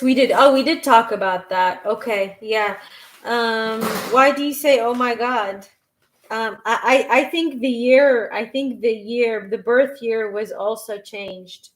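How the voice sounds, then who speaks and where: A woman doing a live-stream tarot reading, reading chat questions aloud and answering them in a halting way, with frequent restarts. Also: on the high side, low-quality recording. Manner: slow and unhurried. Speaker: tarot reader.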